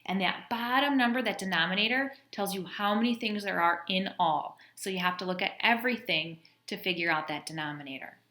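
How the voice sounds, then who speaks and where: A woman's voice: mid-range voice, brisk, few pauses, bright, forceful tone. A woman teacher patiently walking students through a math lesson, counting aloud step by step. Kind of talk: classroom math lesson video. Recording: echoey room.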